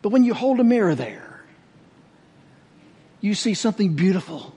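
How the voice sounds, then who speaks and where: A man preaching a sermon, telling a story earnestly and slowing down to stress his points. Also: very animated, mellow, breathy edge. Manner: earnest, slows and drops low to stress points. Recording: echoey hall reverb.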